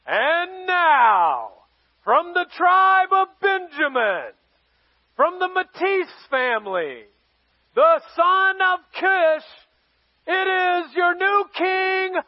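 A man's voice: very high voice, sing-song, dry recording, dull audio, pitched above the performer's own voice, heavily acted. A preacher voicing an old prophet who proclaims a new king like a stadium announcer. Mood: proclaiming. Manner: loud, drawn-out proclamation. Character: male prophet booming like an announcer.

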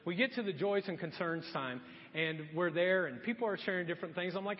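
A middle-aged male pastor preaching a sermon, telling a funny personal story with lively energy, then dropping to quiet, earnest appeals. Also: high-pitched, fairly quick. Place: church sanctuary. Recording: muffled echoey church hall.

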